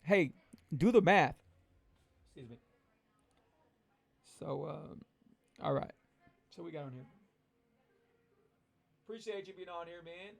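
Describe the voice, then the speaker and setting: A man's voice: fairly high pitch, animated, slow, vocal fry, pauses often, no room sound. A man coaching his viewers on a keto lifestyle in a casual livestream pep talk, motivational and repetitive.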